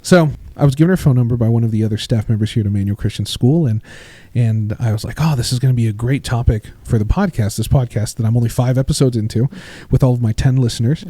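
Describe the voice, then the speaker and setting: A man's voice: quick pace, hardly any pauses, dark tone, no room sound. A man hosting a podcast interview in a casual, chatty way, telling stories and acting out quoted lines. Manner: chatty, storytelling, acts out quotes with rising pitch. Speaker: podcast host.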